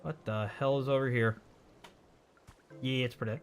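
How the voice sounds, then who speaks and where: A man's voice: medium pitch, steady tone, normal speed, long pauses, faint music behind. A man chatting and joking while streaming a video game live. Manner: chatty, jokey, exclaims at the game. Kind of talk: casual live gameplay commentary.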